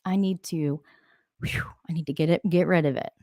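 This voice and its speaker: A woman's voice: deep voice, steady tone, normal speed, mellow, no room sound, clean studio sound. Chatty woman hosting a live stream. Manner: chatty, reads out and answers viewer comments; laughs often, rambling asides. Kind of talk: casual live-stream chat.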